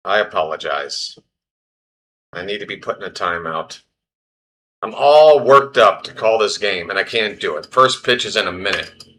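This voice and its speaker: A man's voice: on the low side, expressive, normal speed, fairly bright tone. A man hosting a live baseball stream, doing casual play-by-play in a flustered, self-deprecating way and talking to himself.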